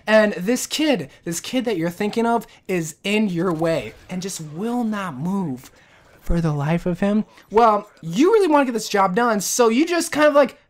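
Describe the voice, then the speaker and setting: Slangy, animated woman ranting. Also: mid-range voice, unhurried. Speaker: gaming commentator. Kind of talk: storytime rant.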